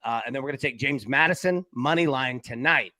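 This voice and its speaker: A man's voice: mid-range voice, brisk, sharp tone, no room sound. A man hosting a live sports betting show, upbeat, rattling off picks and reading chat comments aloud.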